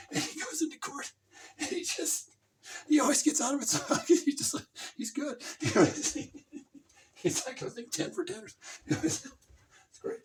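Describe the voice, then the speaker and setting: A man's voice: very high voice, distant mic, slight background noise. A man telling a rambling comedic story and laughing often.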